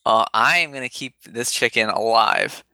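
A man's voice: medium pitch, normal speed, pushed and bright, clear, resonant tone, no echo. A man playing a tabletop game, earnest and playful with his character. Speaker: player. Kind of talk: casual tabletop play.

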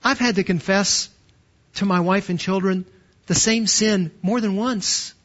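The sermon comes from a pastor in his fifties whose notably high voice has a fairly bright tone. Rhetorical questions and slow, emphatic stresses drive his points home over a muffled, lo-fi recording.

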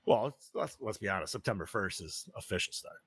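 An animated man co-hosting a casual podcast chat. His pitch swings widely as he rants and swears freely. The sound is dry and close. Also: fairly quick, breathy edge, no echo. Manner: animated, profane, says "dude" a lot. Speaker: podcast co-host.

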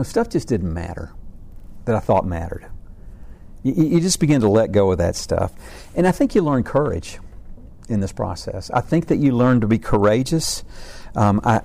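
A man's voice: lowish voice, gravelly, warm tone. A middle-aged man giving an informal faith talk about family struggles, earnest and rambling, with many restarts and repeated words.

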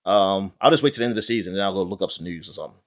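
Lively, animated man in casual chat. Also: sits low, rapid-fire. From not British. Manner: animated, laughs often, many restarts. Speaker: podcast co-host.

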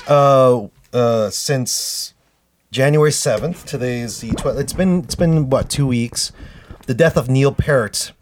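A man co-hosting a casual podcast, speaking with an earnest, halting delivery as he explains. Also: medium pitch, a little hiss or hum. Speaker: podcast co-host.

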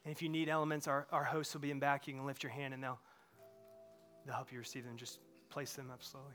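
A man preaching a sermon in a church, swinging from impassioned outbursts to hushed, quiet moments. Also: medium pitch, level tone, fast talker, soft background music. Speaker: pastor. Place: church sanctuary.

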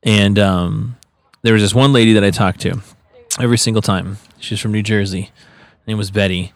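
A man co-hosting a podcast, easygoing and quick to laugh while he shares trivia. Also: lowish voice, steady tone. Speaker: podcast co-host. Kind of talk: casual chat. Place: local market at an art college.

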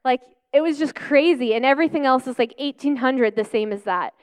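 A woman pastor preaching a personal testimony, telling stories with lively acted-out quotes and easy laughs. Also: sits high, fairly quick, clear, resonant tone. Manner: animated storytelling, acting out quotes.

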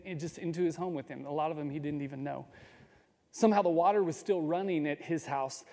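Man, storytelling talk, measured pace with small restarts, warm tone, big reverberant hall. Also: fairly high pitch.

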